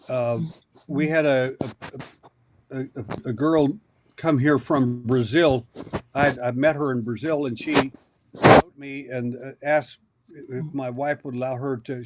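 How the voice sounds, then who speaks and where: A man of ordinary pitch sits in as a podcast guest and spins a long personal anecdote. He rambles, circles back and restarts his sentences as he goes, building the story piece by piece in a conversational telling. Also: slight background noise. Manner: rambling, anecdotal, with many repeated starts. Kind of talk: storytelling in an interview.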